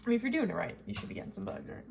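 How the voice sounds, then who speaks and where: A woman's voice: fairly high pitch, huge pitch swings, very fast, vocal fry, a little hiss or hum. A young woman vlogger chatting casually and rambling in a self-mocking way while she cooks at home. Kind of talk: casual chat. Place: home kitchen while cooking.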